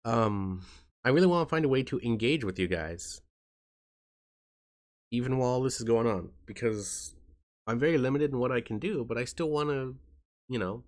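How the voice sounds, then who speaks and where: A man vlogging to his viewers in a soft, halting way, tired and in pain. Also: mid-range voice, lively intonation. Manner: soft-spoken, halting, with frequent restarts. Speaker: YouTuber. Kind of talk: casual talk to camera.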